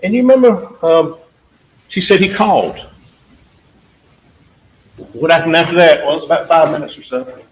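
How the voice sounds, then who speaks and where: A man's voice: on the high side, big pitch swings, normal speed, pauses often. A man giving a closing argument to a jury, emphatic and repetitive, speaking straight to the jurors in a courtroom. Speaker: trial attorney. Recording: echoey courtroom audio with faint background noise.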